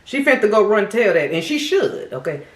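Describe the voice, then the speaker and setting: A woman hosting a mukbang video, telling a crime story in a sassy, animated way, speaking straight to her viewers. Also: mid-range voice, normal speed, roomy sound. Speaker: mukbang host. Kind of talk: casual true-crime storytelling while eating.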